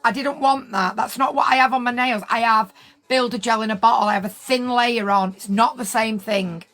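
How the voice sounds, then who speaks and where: On a livestream, a woman in her 50s with a high, fairly bright voice tells viewers an indignant story at a normal speed. Her intonation stays fairly even as she repeats points to drive them home.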